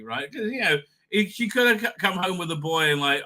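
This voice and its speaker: A middle-aged man hosting a live stream, tipsy and rambling with many halting restarts. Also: high voice, animated, pushed and bright.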